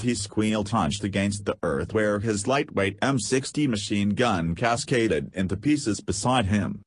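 A man's voice: fairly low pitch, lively intonation, a little slow, hardly any pauses, breathy edge, no echo. A man narrating an audiobook, reading in a scripted way and voicing punctuation marks aloud.

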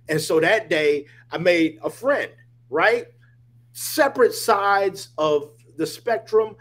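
A fairly high-voiced man tells a story over a video call. His delivery is animated and emphatic. He leans on casual asides like "dude" and keeps checking in with "right?". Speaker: guest.

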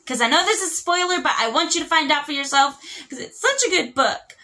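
A woman's voice: sits high, expressive, fast talker, pushed and bright. A young woman chatting casually as a book vlogger, rambling with lots of fillers and restarts. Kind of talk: casual chat.

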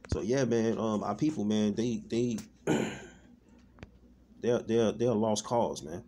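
A man with a fairly low, dark voice speaks slowly over slight background noise. His informal online sermon, delivered street-style, is loose and repetitive, scattered with "man" and "all right," and he frequently stops and begins again as he searches for words.

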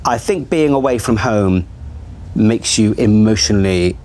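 A man's voice: on the low side, lively intonation, measured pace, a little mellow. A middle-aged man talking frankly and self-deprecatingly about himself in a therapy-style conversation. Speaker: TV channel executive in a therapy session. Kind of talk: candid conversation.

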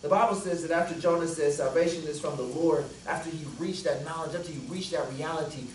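A pastor preaching a sermon, telling a story with humor and laughter, swinging from loud outbursts to hushed, prayerful lines. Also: male voice, fairly high pitch, steady tone, fast, a little hiss or hum. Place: church sanctuary. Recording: echoey church hall from far off. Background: congregation calling out responses.

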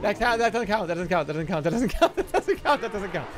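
A man's voice: sits high, very animated, fast, very noisy. A man in his thirties giving playful live-stream game commentary, swearing and laughing.

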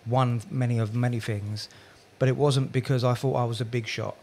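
A man's voice: medium pitch, fairly even intonation, moderate pace, darkish tone, a little hiss or hum. A man from Essex with an Essex accent, a therapist guest talking candidly and reflectively on a podcast. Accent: Essex English. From Essex, England. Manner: reflective, self-deprecating, rambling.

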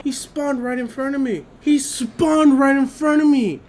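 A young man giving gameplay commentary, excitable, swearing and yelling at the game, on a headset. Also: very high-pitched, a little slow, heavy background noise. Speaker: gamer. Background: game music.

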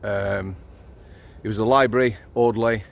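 He's a middle-aged ex-prison officer with a Yorkshire accent, casually recounting blunt stories, full of swearing, on a nighttime walk outdoors. The voice is on the low side and creaky, at a moderate pace with fairly even intonation.

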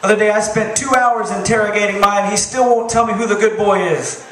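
Male stand-up, high-pitched, deadpan and crude; distant, echoey bar recording. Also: brisk, background noise. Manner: deadpan one-liners, profane. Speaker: stand-up comedian. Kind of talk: stand-up comedy set. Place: bar stage with crowd. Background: audience laughter.

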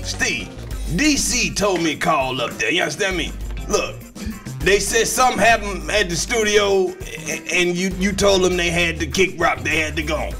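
A man's voice: high voice, lively intonation, normal speed, pushed and bright, soft background music. A man voicing an old uncle and grandfather, rambling as he leaves a scolding voicemail.

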